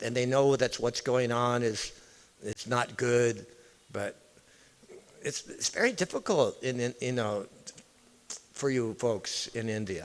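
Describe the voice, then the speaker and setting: A man giving an informal devotional talk in a temple hall, chatting with and questioning his listeners directly. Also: mid-range voice. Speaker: visiting temple speaker.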